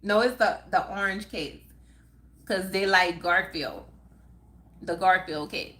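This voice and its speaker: A middle-aged woman runs a live stream, chatting casually, reading viewer comments out loud, and laughing a lot. Her voice sits on the low side with a sharp edge, and she talks in a chatty, drawn-out, unhurried way.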